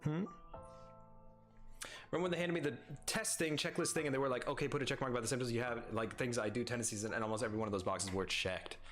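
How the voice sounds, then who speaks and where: A man's voice: medium pitch, rapid-fire, hardly any pauses, fairly bright tone, soft background music. A young adult man streaming live, chatting casually, swearing freely, laughing often and reading chat aloud.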